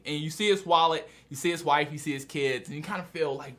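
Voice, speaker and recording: An excitable man talks through a manga chapter in a loose, casual review, acting out the scenes as he goes. His voice sits high for a man and has a bright, forceful edge. He swings easily between chatty explaining and loud reactions. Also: fast, hardly any pauses. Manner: animated and excitable, acts out scenes. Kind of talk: casual video review chat.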